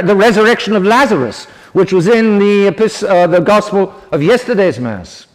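A man preaching a sermon to seminarians, earnest and emphatic, often stopping to restart a phrase. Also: high voice. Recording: long hall reverb.

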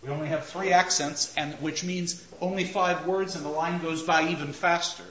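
A man giving a classroom lecture, talking deliberately and emphatically and slowing down to stress his points. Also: fairly high pitch, steady tone, a bit bright, a little hiss or hum. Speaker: lecturer on Shakespeare. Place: classroom with a marker board. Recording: roomy, dull lo-fi lecture recording.

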